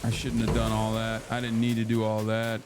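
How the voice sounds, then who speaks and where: A man's voice: lowish voice, monotone, fairly quick. A man in his thirties streaming a video game, chatting casually and joking with his chat. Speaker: streamer host. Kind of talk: casual gameplay commentary. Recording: voice over loud game music.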